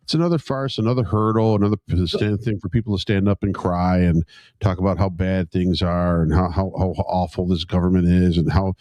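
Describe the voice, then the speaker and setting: A man's voice: deep voice, fairly even intonation, brisk, a little mellow, dry recording. A man in casual political chat, emphatic and opinionated, often repeating words as he builds a point.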